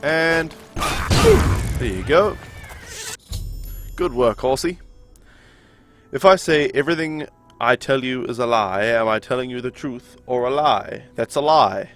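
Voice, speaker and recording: A man's voice: mid-range voice, a little slow, pauses often, music in the background. A man streaming a game live, chatting casually and arguing with viewers in chat. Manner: chatty, argumentative, reading and answering chat.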